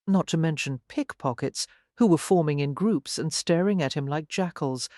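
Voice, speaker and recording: An audiobook narrator giving a measured, even scripted reading of a romance novel. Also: medium pitch, no echo, clean studio sound.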